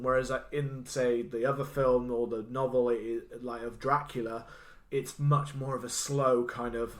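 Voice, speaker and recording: A man's voice: medium pitch, level tone, a little slow, roomy sound. Guy on a horror podcast rambling about a movie, keeps restarting his sentences, laughs a lot. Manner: rambling, self-interrupting, laughs often. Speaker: podcast co-host. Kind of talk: casual film review chat.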